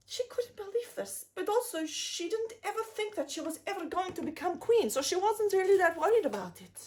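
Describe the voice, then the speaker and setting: A woman telling a fairy tale to children, expressive, with sound effects and chatty asides. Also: very high voice, fairly quick, few pauses, a little hiss or hum. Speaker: children's storyteller. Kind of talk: animated storytelling for children.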